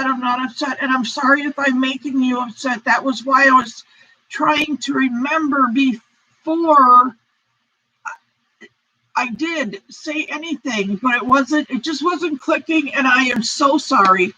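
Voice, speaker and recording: On dull lo-fi stream audio, an American crochet host talks a little slowly in a high, pushed, bright voice with a slightly rough texture. She rambles apologetically during her casual live stream and reads out comments from chat.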